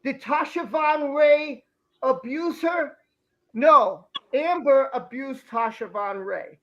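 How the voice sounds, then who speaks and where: A man's voice: extremely high pitch, slow, a bit bright, muffled recording. A man hosting a live stream, ranting heatedly and repeating himself as he reacts to news coverage. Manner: heated, repeats phrases, talks over the clip. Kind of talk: angry ranting commentary.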